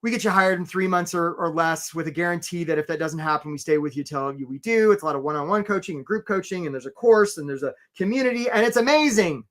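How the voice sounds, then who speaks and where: A man hosting a live career webinar as a coach, energetic and upbeat, often tagging lines with "right?". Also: a little high, fast, hardly any pauses.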